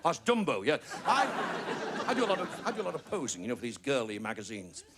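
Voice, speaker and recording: A man's voice: mid-range voice, huge pitch swings, over a noisy crowd. A man with a Northern English accent performing a stand-up comedy routine as a guest, firing off gags with exaggerated comic asides. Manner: rapid-fire gag telling, exaggerated comic asides. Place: TV studio with live audience. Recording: noisy studio with roaring audience.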